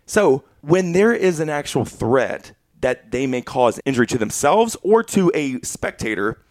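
A man's voice: medium pitch, measured pace, dry recording. A man in his thirties telling a story in casual chat, acting out what people said. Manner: animated storyteller acting out quotes.

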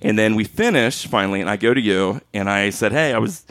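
A man's voice: lowish voice, a little fast, fairly bright tone, no room sound, studio quality. A man telling a funny story in casual chat, acting out quotes and laughing often.

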